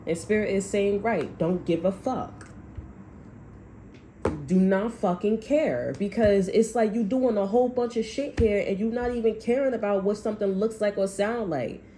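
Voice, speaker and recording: A woman's voice: mid-range voice, normal speed, warm tone, slight background noise, low-quality recording. A woman tarot reader delivering a blunt, heavily profane, heated rant about what spirit is telling her. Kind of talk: channeled reading rant.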